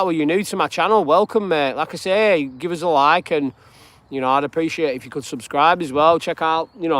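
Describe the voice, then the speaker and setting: A man from northwest England with a northern English accent, chatting casually and rambling as he hosts a live stream on a dog walk outdoors. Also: fairly high pitch. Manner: rambling and chatty, greets viewers by name. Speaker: live-streaming channel host.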